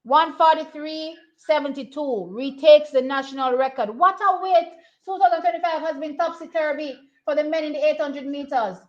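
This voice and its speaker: A young woman talks through a track race as it happens. She sits high in her register, repeats herself and thinks aloud in a chatty, excitable way. The audio is slightly dull and lo-fi. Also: moderate pace, few pauses. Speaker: track and field watch-along host. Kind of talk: casual live race commentary.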